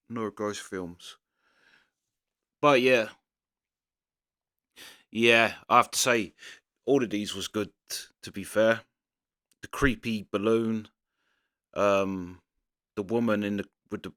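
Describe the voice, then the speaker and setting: Low-pitched but fairly bright in tone, this man hosts a reaction channel and gives loose, casual commentary. He keeps groping for words, with frequent fillers and unfinished thoughts.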